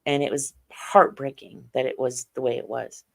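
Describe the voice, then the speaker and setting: A woman's voice: very deep voice, fairly even intonation, moderate pace, gravelly. A middle-aged woman, a podcast guest, telling her experiences in earnest detail. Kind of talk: interview on a podcast.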